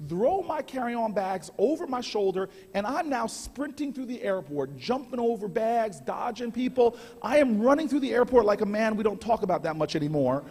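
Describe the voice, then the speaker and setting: A man giving a keynote at a banquet, telling a humorous story with animated delivery and frequent restarts. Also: high voice, normal speed, hardly any pauses, slight background noise. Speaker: keynote speaker. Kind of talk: storytelling speech. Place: large banquet hall. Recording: echoey hall, heavy reverb.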